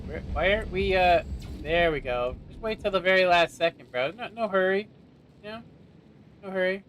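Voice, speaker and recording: A man's voice: high voice, normal speed, fairly bright tone, a little hiss or hum. A young man casually commenting on a tank game on his stream, joking around and slipping into silly voices. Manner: playful, slips into joke voices and mock British phrases.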